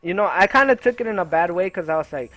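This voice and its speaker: A man's voice: sits high, animated, fast talker, a bit bright, no room sound. A young man telling a rambling, profane personal story in a casual way over gameplay, full of fillers. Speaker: gaming video creator.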